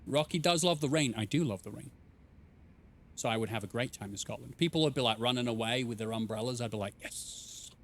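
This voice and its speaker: A man's voice: mid-range voice, fast talker, noisy background. A man casually commenting while streaming a game, playful and rambling, reading chat aloud.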